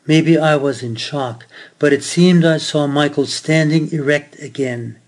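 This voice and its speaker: A man's voice: fairly high pitch, unhurried. A man preaching a sermon, telling a story earnestly and then reading scripture aloud.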